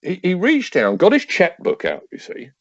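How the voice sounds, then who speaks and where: A man's voice: high voice, huge pitch swings, moderate pace, gravelly, no room sound, dull audio. A man in his fifties, a podcast guest and army veteran, telling anecdotes with wry, acted-out dialogue and hesitant restarts. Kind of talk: casual anecdotal storytelling.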